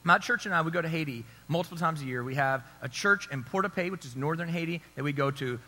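Conversational pastor in an echoey hall. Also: male voice, fairly high pitch, quick pace, bright, forceful tone. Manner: storytelling, conversational, asks the crowd for agreement. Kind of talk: sermon. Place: church hall. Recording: long hall reverb.

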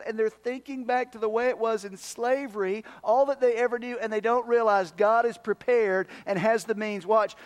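Preacher, man, fairly high voice, dramatic sermon delivery with sudden hushed asides and shifting pace. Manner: dramatic swings from loud emphasis to hushed, near-whispered asides; speeds up and slows down for emphasis. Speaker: pastor.

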